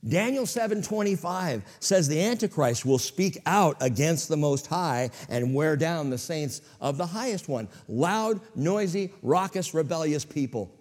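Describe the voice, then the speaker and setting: A man's voice: on the high side, animated, unhurried, few pauses, darkish tone, long reverb tail. A man preaching a sermon as pastor to a church congregation, with dramatic swings in volume.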